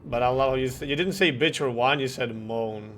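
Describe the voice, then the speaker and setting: A man from Croatia chatting casually while streaming a game, animated and joking, swearing and laughing often. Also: mid-range voice, brisk, a little hiss or hum. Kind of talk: casual gameplay chat with chat replies.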